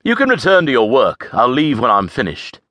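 A male audiobook narrator voicing a calm, commanding man who speaks smoothly and evenly. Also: medium pitch, moderate pace, no room sound, pitched above the performer's own voice. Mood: smooth, teasing.

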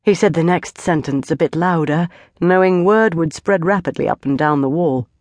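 A woman narrating an epic fantasy audiobook, steady and measured. The sound is dry and close to the mic, with no room around it. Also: low-pitched, dry recording.

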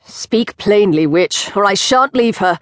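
A woman's voice: mid-range voice, animated, a little slow, no room sound, clean studio sound, close to an everyday voice. A woman voicing a desperate nobleman, a grieving father who pleads and commands in turn, for an audiobook. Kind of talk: audiobook character voice.

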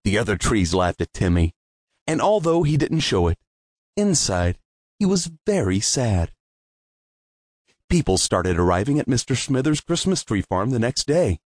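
A man narrating a children's storybook audiobook with gentle, expressive storytelling. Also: mid-range voice, a little slow, no echo, clean studio sound.

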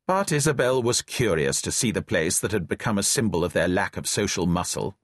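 A middle-aged man with a deep voice narrates a novel a little fast, his intonation lively. His audiobook reading is dry and wry, with characters voiced lightly. He's recorded on a close studio mic in a dry booth, with no echo.

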